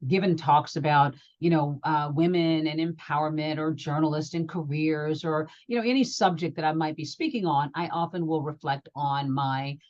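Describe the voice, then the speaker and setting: A middle-aged woman from Georgia, a journalist talking as an interview guest, telling stories in an animated way and acting out what people said. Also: sits low, moderate pace, few pauses, dull audio. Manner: animated storyteller, acts out quotes. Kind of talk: interview conversation.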